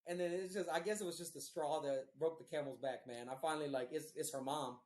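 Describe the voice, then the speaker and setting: A man's voice: fairly high pitch, fairly even intonation, quick pace, darkish tone. A man hosting a podcast, telling a long story in a casual, rambling and profane way. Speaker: podcast host. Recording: roomy echo.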